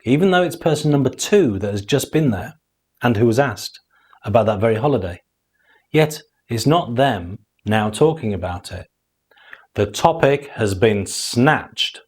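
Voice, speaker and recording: A man's voice: lowish voice, darkish tone. A man giving a scripted course lesson, telling anecdotes and acting out the dialogue in them. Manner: storytelling, acting out quoted dialogue. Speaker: course instructor. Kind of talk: scripted teaching monologue.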